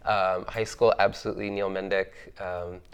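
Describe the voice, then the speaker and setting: On an artist panel, a man reminisces about his early influences, chatting thoughtfully with plenty of fillers and easy laughter. His voice sits low and resonant with some vocal fry, and his delivery is flat, clear and moderately paced.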